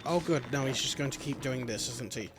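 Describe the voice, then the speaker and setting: Over game music, a man streams a video game and rambles through casual let's-play commentary, cracking jokes and tossing remarks at the game and the camera. His voice sits at medium pitch and moves a little fast, and the recording is very noisy.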